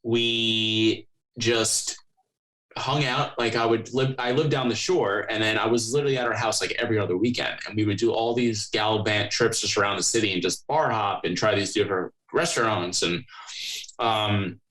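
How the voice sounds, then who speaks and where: A man's voice: lowish voice, moderate pace, fairly bright tone, poor audio. Rambling young man telling stories. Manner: rambling storyteller, swears freely. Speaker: podcast host. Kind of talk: casual chat.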